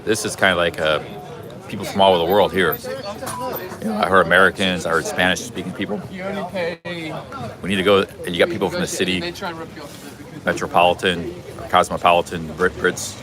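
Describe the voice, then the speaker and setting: A man live-streaming a travel vlog from a busy city street outdoors, chatting in a rambling way with many restarts. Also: low-pitched. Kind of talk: casual walking live stream.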